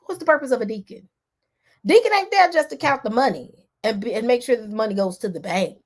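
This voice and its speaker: A woman with a somewhat high voice gives casual commentary to her viewers. She talks emphatically, circling back and repeating phrases, with frequent restarts. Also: lively intonation, fast talker. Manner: addresses the viewers directly. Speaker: vlogger.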